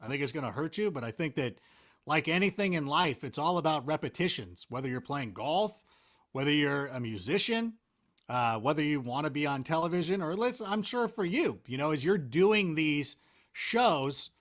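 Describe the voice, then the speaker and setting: A man chatting as a guest in a casual interview, with a fairly high voice that swoops up and down a lot. He rambles in an animated, self-mocking way, piling up "like" and restarts. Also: moderate pace. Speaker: interview guest, NFL analyst.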